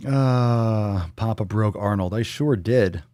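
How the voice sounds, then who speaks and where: A man hosting a fitness live stream, talking bluntly and profanely in quick ranting bursts and reading viewer comments aloud. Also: fairly low pitch, dark tone, dry recording, studio quality. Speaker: fitness livestream host. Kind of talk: casual live-stream talk.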